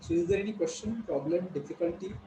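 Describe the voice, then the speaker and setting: A man's voice: high voice, fast, mellow, slight background noise, low-quality recording. A man with an Indian English accent teaching an online class, explaining words and repeating them for students. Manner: instructive, repeats words, asks students questions.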